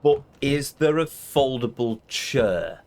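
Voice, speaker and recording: A man's voice: mid-range voice, lively intonation, takes it slowly, a little mellow. A man doing casual, rambling gameplay commentary with wry grumbles. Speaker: let's play host. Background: game music.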